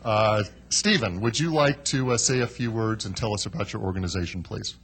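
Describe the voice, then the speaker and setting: A man's voice: fairly low pitch, fairly quick, a bit bright. A man presenting proclamations at a council meeting, in a genial, joking manner with frequent fillers. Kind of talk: ceremonial remarks.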